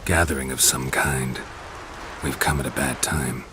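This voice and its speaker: A man's voice: fairly even intonation, a little slow, background noise. An actor voicing a laconic male witcher monster hunter in terse video game dialogue, with heavy rain in the background. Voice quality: very deep, terse. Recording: game audio with loud rain.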